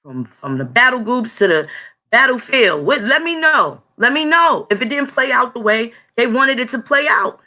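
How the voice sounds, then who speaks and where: A woman's voice: on the high side, very animated, normal speed, bright, forceful tone. A woman hosting her own channel in a blunt, profane, conversational monologue, talking straight to her viewers. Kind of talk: casual spoken monologue.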